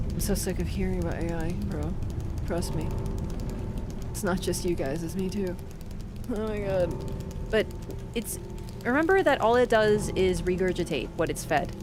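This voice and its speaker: A woman with a lowish voice streams a game live, chatting straight to her viewers with strong opinions and letting out sudden loud yelps at what happens on screen. She mixes gameplay commentary with reading chat, while game music plays behind her.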